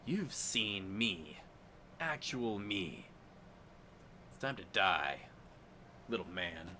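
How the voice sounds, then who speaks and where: A man voicing a menacing male drow warrior in a tabletop game, speaking low, slow and quiet. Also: lively intonation, a little hiss or hum, heavily acted.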